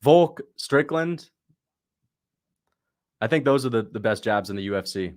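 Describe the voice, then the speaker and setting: Excitable man live-streaming fight reactions. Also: medium pitch, measured pace. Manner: excitable, talks to chat, sudden shouts at big moments. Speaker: livestream host reacting to fights. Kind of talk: casual live commentary.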